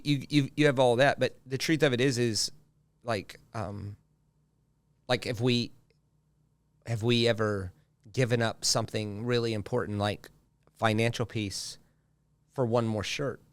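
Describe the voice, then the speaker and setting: A man guesting on a podcast, speaking in a middle-range voice as he tells a story in an animated way. He repeats phrases for effect and keeps coming back to his points. The sound is dry and close, with no room around it. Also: mid-range voice, measured pace, pauses often, smooth, dry recording. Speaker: guest pastor. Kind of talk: casual podcast conversation.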